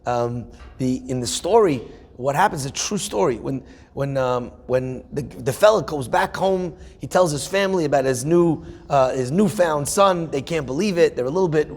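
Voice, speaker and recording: A man's voice: a little high, moderate pace, darkish tone. A man, a rabbi, telling a Torah story vividly, acting out the dialogue of its people.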